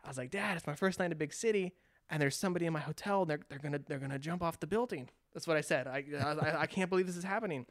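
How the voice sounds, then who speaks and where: Animated storyteller from California, dry mic. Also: medium pitch, very fast, dry recording. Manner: animated, acts out quotes, frequent restarts. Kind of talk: casual storytelling chat.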